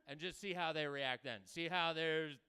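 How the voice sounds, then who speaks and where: A man performing a crude stand-up comedy set, talking loosely and breaking into loud mock voices. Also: a little high, moderate pace, smooth. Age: adult with a daughter.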